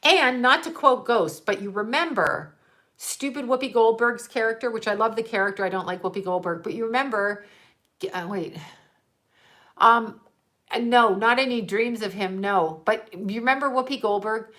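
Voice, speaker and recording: A woman's voice: on the high side, normal speed, fairly bright tone. A middle-aged woman working as a psychic medium, chatting casually and candidly with viewers, swearing and laughing often. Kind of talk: casual livestream chat with viewers.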